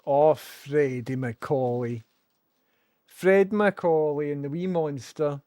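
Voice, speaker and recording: A man's voice: on the high side, slow, mellow. A man chatting casually on a live stream, cooing doting baby talk to his dog.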